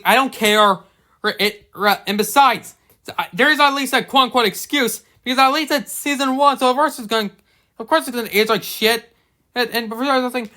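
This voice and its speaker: A young man giving a ranting episode review, stammering and restarting often, swinging between loud outbursts and quiet mumbling. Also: very high-pitched, fairly quick. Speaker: show reviewer.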